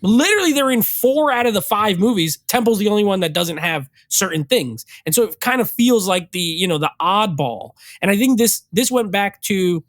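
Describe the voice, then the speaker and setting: A man on a podcast giving his take on a film in a measured, thinking-aloud way. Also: sits high, lively intonation, dry recording, clean studio sound. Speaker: podcast guest. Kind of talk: casual movie review chat.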